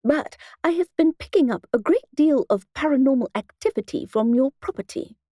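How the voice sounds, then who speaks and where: A man's voice: sits high, expressive, takes it slowly, dark tone, no echo, studio quality, exaggerated voice. Woman doing a clipped, posh male ghost hunter. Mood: smooth. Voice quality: clipped, well-spoken. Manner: smooth, unflappable, courteous.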